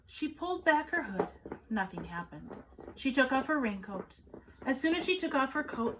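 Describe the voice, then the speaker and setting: A woman, a children's caregiver, reading a picture book aloud to children in an animated, sing-song storytelling manner. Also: high voice, normal speed, a little hiss or hum, low-quality recording.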